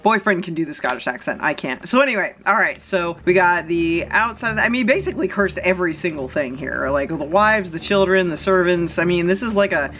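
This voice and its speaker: A woman's voice: on the low side, lively intonation, a little fast, few pauses, a bit bright, faint music behind, low-quality recording. A woman vlogger giving casual, rambling commentary full of chatty asides and fillers.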